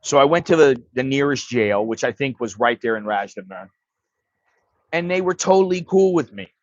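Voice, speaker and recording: A man's voice: medium pitch, animated, moderate pace, dry recording, highs cut off. A man hosting a livestream, telling a story in a blunt, profane, casual way. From United States. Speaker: livestream host.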